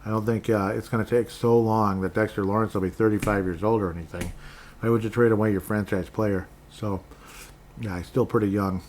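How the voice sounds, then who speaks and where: A man's voice: on the low side, steady tone, a little fast, darkish tone, slight background noise. A man from Minnesota hosting a sports podcast, rambling casually with sarcastic asides and frequent restarts.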